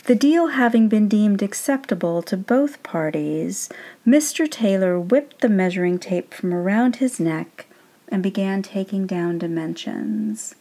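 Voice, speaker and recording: A woman reading her own story aloud in a measured, gently wry narrating voice. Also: medium pitch, creaky.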